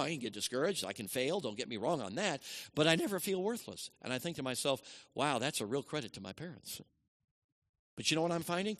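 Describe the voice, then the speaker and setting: Man preaching with wide swings in pitch. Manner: dynamic preaching, swinging from loud emphasis to hushed asides. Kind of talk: sermon.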